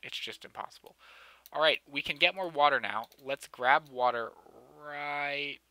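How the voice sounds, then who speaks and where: A man's voice: on the high side, a little slow, pushed and bright, clean tone, dry recording. A young man giving casual let's-play commentary as he builds a city in a game, joking sarcastically and mocking himself. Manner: joking, sarcastic, self-mocking, often laughing.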